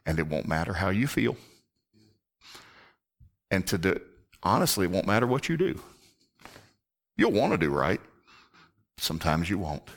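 A man preaching an earnest sermon in a low, deep voice. He leans into his points and drops almost to a whisper when he wants them to land. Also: very animated, normal speed, creaky, pauses often. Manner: earnest, drops to a hushed near-whisper for emphasis.

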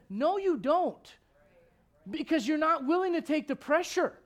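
Guy preaching a sermon, kinda high voice, goes from quiet to shouting, lots of quick questions at the crowd. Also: expressive. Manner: swings from hushed to loud and shouting; rapid-fire rhetorical questions. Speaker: pastor.

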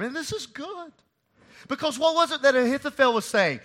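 Male pastor, high bright voice, preaching with big loud-to-soft swings. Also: animated, moderate pace. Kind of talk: sermon.

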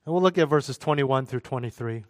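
A man's voice: mid-range voice, fairly quick, no room sound. A man preaching a sermon as a pastor, conversational, with asides and jokes.

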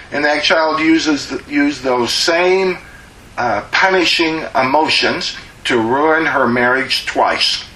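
A man preaching a sermon as a pastor, slow and emphatic, drawing out words to press his points. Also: on the high side, bright, forceful tone, roomy sound, low-quality recording.

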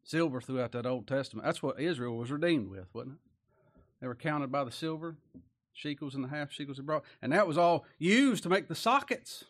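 A man preaches a Bible study sermon in homey, folksy language. He reads the verses aloud with raised emphasis, then drops to soft, confiding asides. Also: on the high side, animated, moderate pace.

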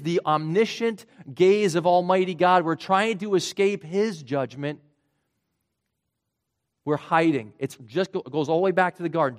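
A man preaching a sermon in an earnest way, his voice rising for emphasis and then dropping low and quiet. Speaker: pastor.

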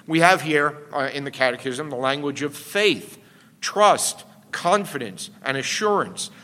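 A man's voice: on the high side, animated, measured pace, sharp tone. A man pastor delivering a teaching sermon, explaining step by step and often checking in with "all right?". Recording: long hall reverb.

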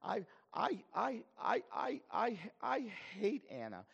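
A man voicing an upset little girl who forgives quickly, with whiny, tearful outbursts. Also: high-pitched, wildly swooping pitch, creaky, slightly rough, big-room sound, muffled recording, pitched above the performer's own voice, full character voice.

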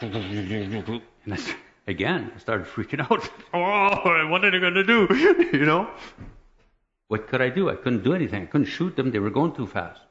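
A man telling a personal testimony as a lively story, often chuckling and checking in with "right?" and "okay?". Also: on the low side, highs cut off.

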